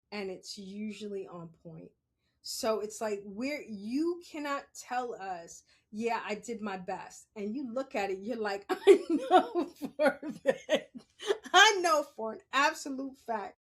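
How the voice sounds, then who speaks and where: A middle-aged woman hosting a podcast, talking candidly and bluntly, swearing freely and breaking into loud, laughing reenactments of old stories. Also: mid-range voice. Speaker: podcast host. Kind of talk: candid casual monologue.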